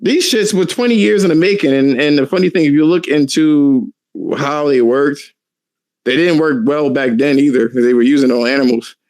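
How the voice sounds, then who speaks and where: A man co-hosting a podcast, chatting casually with profane, animated storytelling and frequent laughter. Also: fairly high pitch, fairly quick, no room sound. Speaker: podcast co-host. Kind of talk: casual chat.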